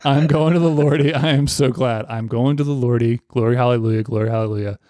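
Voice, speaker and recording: A man's voice: mid-range voice, quick pace, dark tone, dry recording, studio quality, close to an everyday voice. A man reading a condemned man's hymn-like poem in a put-on Southern US accent, with a sing-song, repetitive delivery. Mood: fervent.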